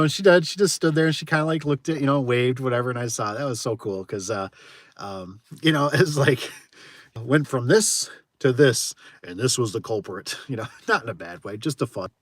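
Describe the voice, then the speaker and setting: A man's voice: mid-range voice, no room sound, studio quality. A man who runs a garage door repair business, chatting casually with viewers on a livestream, laughing often and tossing in frequent exclamations.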